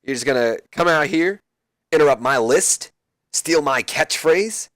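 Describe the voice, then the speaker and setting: A man doing a cocky mocking wrestler, pitched high. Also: expressive, a little slow, a bit bright, no echo, studio quality. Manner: mocking, sarcastic. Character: brash cocky male wrestler trading insults.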